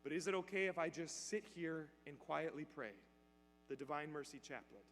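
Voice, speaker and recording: A priest playing a calm young priest. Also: male voice, on the high side, normal speed. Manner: calm, quiet, steady. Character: young male priest, reluctant then calm. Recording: church hall reverb, faint hum.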